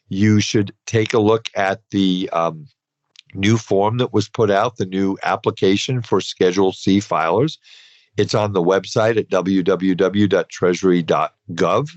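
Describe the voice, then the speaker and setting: A man's voice: fairly low pitch, dry recording. A man hosting a podcast, explaining financial rules in a conversational, advisory way with loose asides. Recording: dull, dry podcast recording.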